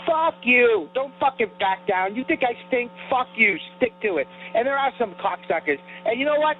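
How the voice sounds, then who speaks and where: A man with a high voice and a New York accent rants in a heated, profane way on a comedy podcast. The sound is thin and tinny, like a phone line. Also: expressive, normal speed, few pauses, soft background music. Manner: profane, heated, self-described sensitive. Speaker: podcast co-host. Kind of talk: ranting comedy banter.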